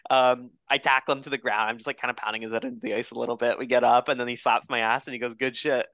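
A young man co-hosting a podcast, telling an animated, profanity-laced story in casual chat. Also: mid-range voice, very fast, no room sound, clean studio sound. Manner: animated storyteller, swears a lot. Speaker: podcast co-host.

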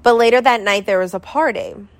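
A woman's voice: a little high, fast talker. A young adult woman telling a story in casual chat, rambling and filling it with constant "like". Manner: rambling, filler-heavy with constant "like".

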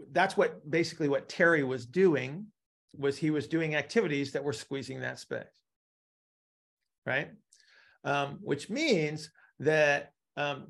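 Gravelly man teaching with analogies. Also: a little high, fairly bright tone. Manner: explains with analogies, keeps checking in with "right?". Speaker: instructor. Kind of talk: teaching a live class.

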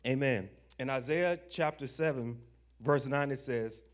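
A young adult man preaching a sermon, emphatic, asking the listeners questions and reading scripture slowly with stress. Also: medium pitch. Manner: emphatic, call-and-response questions; slow stressed scripture reading, informal grammar.

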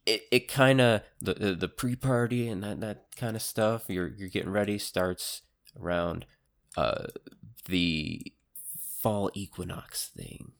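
Very deep-voiced hesitant man. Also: fairly even intonation, measured pace, vocal fry. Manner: hesitant, rambling, full of likes and restarts. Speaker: podcast co-host. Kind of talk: casual chat.

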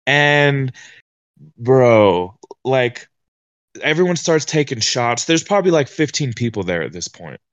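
A young man guest on a podcast, telling a party story in a casual, slangy, animated way. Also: medium pitch, measured pace, no echo, highs cut off.

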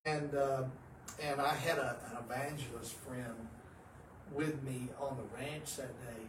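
A man, a pastor co-hosting a podcast, telling stories animatedly and swinging from hushed to loud. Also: mid-range voice, fairly even intonation, a little slow. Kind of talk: casual religious podcast chat. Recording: roomy, distant mic, faint noise.

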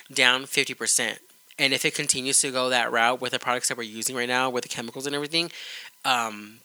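A man's voice: mid-range voice, sharp tone, no room sound. A young adult man co-hosting a podcast, explaining things in an earnest, rambling way. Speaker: podcast co-host. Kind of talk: casual podcast chat.

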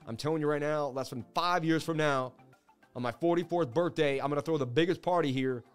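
A man around forty hosts a casual crypto livestream, chatty and hyped as he reacts to viewer messages. His voice sits a little high for a man. Soft music plays faintly behind him. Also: brisk, clean tone.

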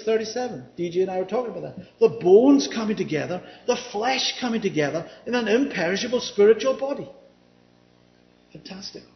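High-voiced man teaching scripture. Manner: checks in often with a questioning "yeah?"; reads scripture aloud, then explains it. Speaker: Bible teacher. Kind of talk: conversational Bible teaching. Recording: roomy, dull lo-fi recording.

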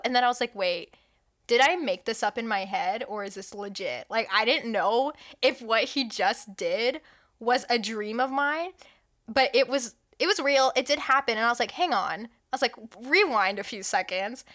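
Young woman, podcast co-host, bright and slightly high voice, animated storyteller who whispers the quotes. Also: moderate pace. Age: young adult. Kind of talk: casual chat.

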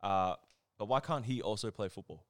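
Smooth man in casual chat. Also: on the low side, moderate pace, no echo. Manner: earnest, rambling, swears casually. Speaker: podcast co-host.

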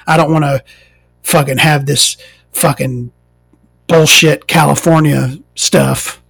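A woman's voice: low-pitched, fairly even intonation, slow, vocal fry, fairly bright tone, breathy edge, dry recording. An American trans woman hosting a podcast, ranting casually and sarcastically with a lot of swearing. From United States, inland. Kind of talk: casual comedic rant monologue.

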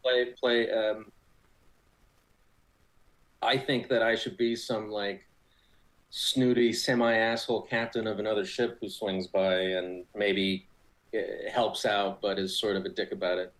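A man guesting on a fan podcast, answering questions in a thoughtful, halting and wry way. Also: fairly low pitch, little pitch movement, low-quality recording. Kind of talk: casual chat.

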